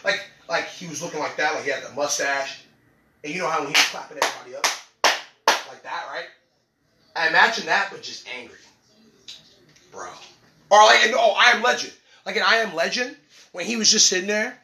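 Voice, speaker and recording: A man's voice: sits high, brisk, pauses often, bright, forceful tone. A young man hosting a casual solo podcast, rambling in slang and laughing often. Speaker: podcast host. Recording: echoey room, away from the mic.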